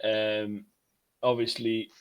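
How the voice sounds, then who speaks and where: A man's voice: fairly low pitch, completely flat delivery, slow, smooth. A man hosting a podcast, wrapping up with rambling, jokey repeated thanks. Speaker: podcast host. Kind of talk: casual chat.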